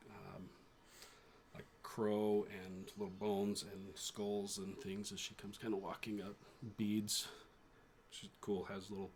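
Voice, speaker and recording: A man narrating as game master of a tabletop role-playing game, describing scenes in a halting way with fillers. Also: on the low side, a little hiss or hum.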